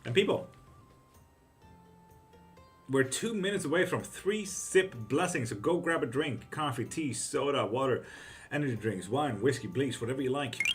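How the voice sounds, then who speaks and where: A man's voice: mid-range voice, lively intonation, normal speed, long pauses, faint music behind. A man hosting a casual livestream tarot reading who reads viewers' questions aloud and answers them bluntly, swearing freely.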